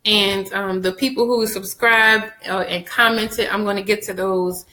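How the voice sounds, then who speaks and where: A woman recapping a TV episode for her viewers, chatty and animated, addressing them directly and laughing often. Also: medium pitch, measured pace, reverberant, low-quality recording. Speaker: TV show reviewer.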